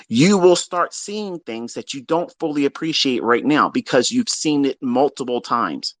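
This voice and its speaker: A man's voice: mid-range voice, animated, moderate pace, few pauses, no room sound. Blunt, profane man ranting at listeners. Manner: blunt, profane and scolding, with mocking quoted voices. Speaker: trading mentor. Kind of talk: unscripted rant on a live audio space.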